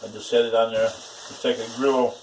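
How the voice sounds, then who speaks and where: A man's voice: medium pitch, flat delivery, normal speed, a little mellow. A man casually vlogging while he cooks at home, rambling and crude, with plenty of swearing. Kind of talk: casual cooking vlog, talking to viewers. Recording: mic at a distance, faint background noise.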